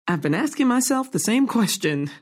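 A woman's voice: on the high side, big pitch swings, moderate pace, darkish tone. A woman playing an awkward, self-deprecating playwright. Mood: guarded. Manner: hesitant, trailing off, laughs nervously. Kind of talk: contemporary stage drama dialogue.

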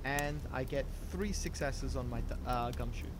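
A man playing a tabletop horror game, describing his character's actions in an animated, rambling way. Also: mid-range voice, normal speed, noisy background. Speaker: player.

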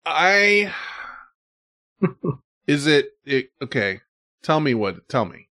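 A man's voice: a little high, big pitch swings, slow pace, bright, forceful tone. A man hosting a casual chat, telling stories animatedly and laughing often.

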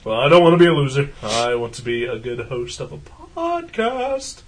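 A man hosting a podcast in casual chat, rambling and jokey, with a whiskey voice and loud laughs. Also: medium pitch, sing-song, normal speed, noisy background. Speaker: podcast host.

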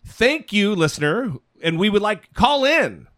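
A man's voice: high-pitched, sing-song, measured pace, a bit bright. A man co-hosting a casual political podcast, chatty and rambling, swearing casually. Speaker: podcast co-host. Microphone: studio mic.

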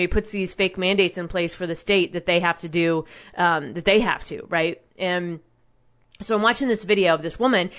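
A woman's voice: fairly low pitch, a bit bright. A woman delivering an impassioned, rambling monologue as a show host, indignant and profane, often restarting her sentences.

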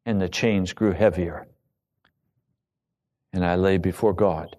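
A man preaching a sermon, telling a personal story with emotion that rises to loud pleading. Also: lowish voice, slow pace, long pauses. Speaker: pastor.

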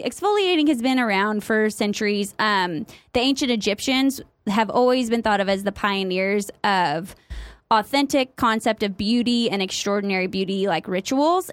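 A young woman co-hosts a casual podcast, chatting freely with plenty of fillers and laughter. Her voice is mid-range, with no room sound.

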